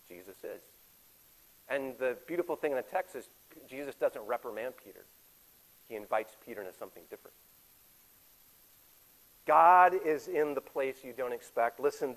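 A man in his forties preaching a sermon as a pastor, swinging between loud emphatic stretches and hushed, intimate ones. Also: mid-range voice, poor audio. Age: 40s. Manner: animated, shifts from loud emphatic to quiet intimate.

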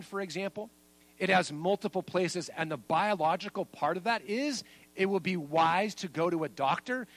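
A man preaching a sermon as pastor, making points with lively emphasis. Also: low-quality recording. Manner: lively and emphatic, then soft and low at the close.

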